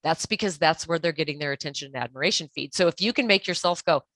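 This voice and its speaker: A woman's voice: deep voice, quick pace, a bit bright, no echo. A woman speaking as a guest expert in a podcast interview, giving earnest, direct advice with frequent restarts. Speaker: guest expert on toxic relationships.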